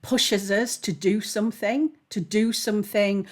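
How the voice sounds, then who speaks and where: A woman's voice: mid-range voice, fairly even intonation, unhurried. A woman, a spiritual mentor, hosting her own channel in an earnest, heartfelt, candid monologue to camera.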